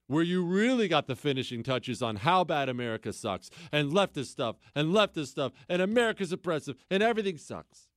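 A man hosting a political talk radio show delivers a sarcastic monologue full of mocking repetition. He's animated and swings into incredulous high outbursts. The sound is clean studio audio with no echo.

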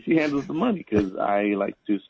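A man's voice: lowish voice, big pitch swings, fairly quick, creaky, darkish tone, breathy edge, dull audio. A man in his forties, a guest on a chat show, telling long rambling family stories with many fillers and chuckles. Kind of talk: casual storytelling.

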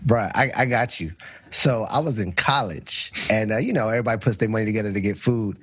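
A man hosting a casual chat, telling stories in a relaxed way and setting up the question of the week. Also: fairly low pitch, quick pace, slightly rough, dry recording. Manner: relaxed storyteller who sets up questions for the others. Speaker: podcast host.

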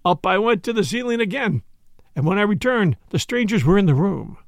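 A man narrating a memoir on a podcast in a measured, expressive storytelling manner. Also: sits high, gravelly, dry recording, clean studio sound. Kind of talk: audiobook reading of a memoir.

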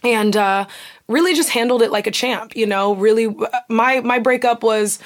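A young woman with a slightly high voice tells a personal story on a casual talk show. She speaks candidly and animatedly, and she slips into the voices of the people she quotes. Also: normal speed.

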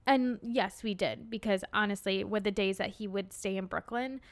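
A young woman with a Midwestern American accent, co-hosting a podcast in casual chat, quick and giggly as she tells stories. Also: medium pitch. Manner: fast-talking, giggly, animated storyteller. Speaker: podcast co-host.

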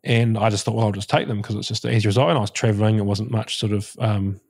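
A man's voice: fairly low pitch, fairly even intonation, quick pace, darkish tone. A middle-aged man, a guest on a podcast, telling his story reflectively and leaning on a lot of "you know". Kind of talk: casual interview chat.

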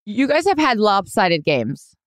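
A woman's voice: mid-range voice, big pitch swings, unhurried, dry recording. A woman co-hosting a podcast in casual chat, joking and rambling and swearing freely. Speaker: podcast co-host.

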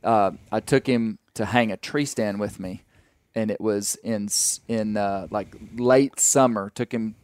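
Ein Mann aus dem amerikanischen Süden moderiert einen Podcast und erzählt locker und weitschweifig, mit vielen Füllwörtern. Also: male voice, lowish voice, measured pace, a little mellow, no echo. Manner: folksy, rambling with fillers and restarts. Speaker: podcast host. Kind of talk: casual storytelling chat.

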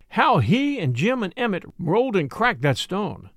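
A man narrating a written adventure story aloud in a brisk, expressive storytelling manner. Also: sits high, dry recording, clean studio sound. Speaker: audiobook narrator. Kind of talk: scripted narration.

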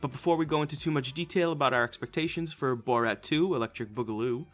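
Guy hosting a movie podcast, joking around and swearing, mid-pitched, casual banter. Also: quick pace, a bit bright, soft background music. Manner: crude, joking, offhand. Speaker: podcast host.

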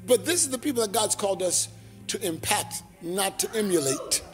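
A male pastor preaching a sermon, telling lively stories and acting out voices. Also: high voice, moderate pace, over music. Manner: animated, acts out voices in his stories. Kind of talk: sermon storytelling.

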